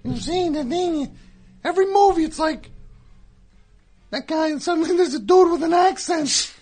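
With faint music behind, a man delivers a recurring radio studio comedy bit as a hacky, easily offended male squirrel comic. His extremely high, slightly mellow voice moves at a moderate pace through corny jokes, self-pitying grumbles and wisecracks.

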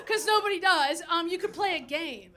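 A woman doing an improvised comedy bit as a pizza delivery worker in front of a live audience, halting and breaking into giggles. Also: very high voice, pushed and bright. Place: stage before a live audience. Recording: live audience noise around the stage.

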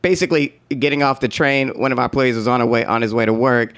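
A man's voice: mid-range voice, quick pace. A man telling a workplace story in casual conversation, laughing often and acting out what others said in slangy, profane talk. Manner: animated, laughs often, acts out quotes.

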